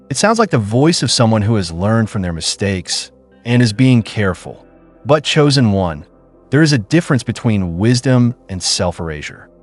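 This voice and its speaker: A man delivering a scripted devotional sermon in a slow, solemn, declarative cadence. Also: fairly low pitch. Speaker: preacher. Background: soft music.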